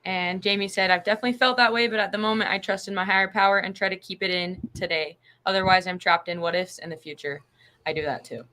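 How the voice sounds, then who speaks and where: A woman's voice: medium pitch, fairly even intonation, fast, pushed and bright. A woman co-hosting a talk show, reading out viewer comments a little away from the mic. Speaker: co-host.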